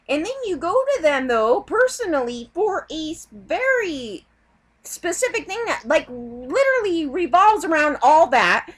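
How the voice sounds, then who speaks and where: A young woman vents on her vlog in a heated, rambling rant full of swearing. Her voice sits high and leaps all over the place as she talks. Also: big pitch swings, a little slow. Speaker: vlogger. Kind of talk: ranting vlog.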